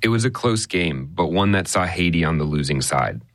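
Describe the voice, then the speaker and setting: A male radio reporter narrating a news story in a measured, conversational way. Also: deep voice, animated, dry recording, clean studio sound.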